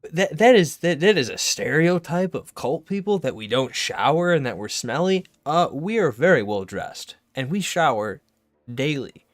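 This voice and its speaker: A haughty cult member protests with injured dignity, played by a man in a mocking voice. The tone is raised, loud and prim. It is a dry, close take. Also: a little high, no room sound, pitched above the performer's own voice. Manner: haughty, indignant. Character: prim offended well-groomed cult member.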